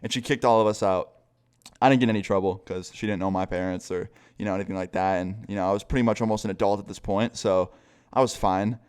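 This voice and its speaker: A man's voice: lowish voice, fairly even intonation, quick pace, a little mellow, smooth. A young man telling a casual storytime vlog in a loose, profane way, laughing now and then. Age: young adult. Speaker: vlogger.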